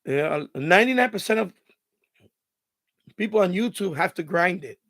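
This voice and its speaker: A man hosting a live stream in casual chat, his voice raspy and hoarse from hours of talking, giving rambling advice full of "you know" and restarts. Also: high voice, expressive, normal speed, fairly bright tone, no room sound, studio quality.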